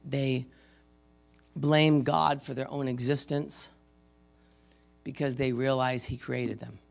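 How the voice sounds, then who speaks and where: Older male preacher, gravelly voice, talks plainly, then swells loud for scripture. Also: medium pitch, flat delivery, slow pace, soft background music. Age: 50s or older. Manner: conversational preaching, dramatic readings of scripture, swings between loud and soft. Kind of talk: sermon.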